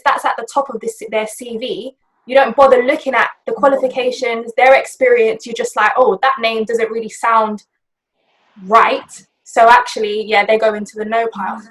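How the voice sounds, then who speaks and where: A British woman co-hosting a podcast, responding in a measured way and putting questions to her guests. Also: fairly high pitch, poor audio. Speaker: podcast co-host. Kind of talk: podcast conversation.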